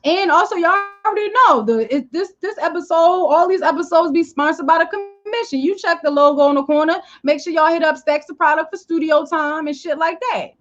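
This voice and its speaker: High-voiced animated woman livestreaming. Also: fairly quick, few pauses, highs cut off. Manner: animated, emphatic, repeats "okay?" and "you know". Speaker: livestream host. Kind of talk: casual live-stream talk. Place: living room at home.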